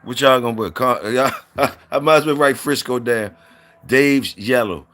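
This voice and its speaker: A man's voice: medium pitch, moderate pace, a bit bright. A man hosting a casual livestream, reading out viewer comments and saluting people in a loose, repetitive drawl.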